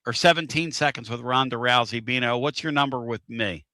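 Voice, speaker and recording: A male host rambles through a casual live-streamed talk show in a folksy, repetitive way. His voice is bright and forceful. The sound is dry and close. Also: medium pitch, fairly quick, no room sound. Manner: rambling, repeats himself, folksy.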